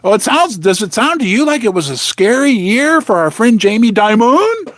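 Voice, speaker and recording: Man, host, basement commentary, rambling, sarcastic asides, very expressive pitch. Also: moderate pace, dry recording, clean studio sound. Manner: animated, sarcastic asides, talks to himself. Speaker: host of a precious metals channel. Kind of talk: casual rambling commentary to viewers. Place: home basement.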